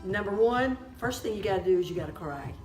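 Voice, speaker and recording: A woman's voice: medium pitch, animated, fast talker. A woman chatting casually, telling stories with lots of laughter and animation. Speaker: co-host. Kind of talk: casual chat. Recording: echoey room with music behind.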